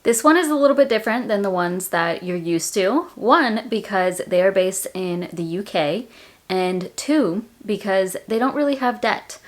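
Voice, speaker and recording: A woman's voice: mid-range voice, lively intonation, moderate pace, a little hiss or hum. An American woman hosting a personal finance video, talking in a chatty, friendly way. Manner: chatty and friendly, says y'all. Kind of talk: casual direct-to-camera finance talk.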